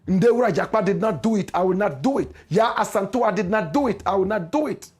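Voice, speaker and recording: A man with a high voice and a Ghanaian English accent hosts a political commentary show. He preaches with passion, driving each point home through repeated rhetorical refrains. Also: expressive, fast talker. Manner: impassioned, preachy, repetitive rhetorical cadence. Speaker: radio and online show host.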